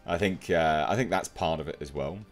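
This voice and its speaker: A man's voice: very deep voice, brisk, soft background music. A man giving opinionated commentary, reading out online comments and mocking them with emphatic scorn. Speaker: commentary youtuber.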